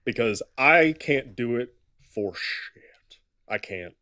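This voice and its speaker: A man's voice: mid-range voice, lively intonation, slow pace, sharp tone, no room sound, studio quality. A man co-hosting a live stream, rambling and joking at his own expense. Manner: rambling, self-deprecating. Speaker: stream co-host. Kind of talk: casual live stream chat.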